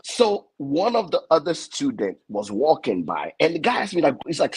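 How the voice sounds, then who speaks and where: Lively husky man. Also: on the high side, moderate pace, poor audio. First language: French. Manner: animated, stammering repeats, acts out other voices. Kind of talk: casual comic storytelling.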